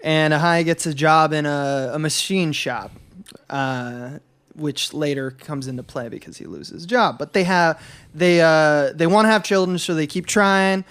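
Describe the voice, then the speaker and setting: A man's voice: on the high side, a little slow, a bit bright, clear, resonant tone. A man co-hosting a podcast, recapping a film in loose, rambling chat full of filler words. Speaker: podcast co-host. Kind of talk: casual film discussion.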